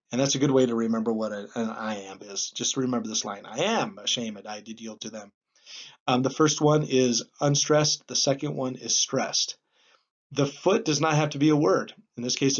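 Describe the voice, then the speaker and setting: A man at a middling pitch lectures a class. He talks in a plain, explanatory way and leans often on um and uh. The recording is a little dull and lo-fi. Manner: plain explanatory, with frequent um and uh fillers. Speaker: teacher.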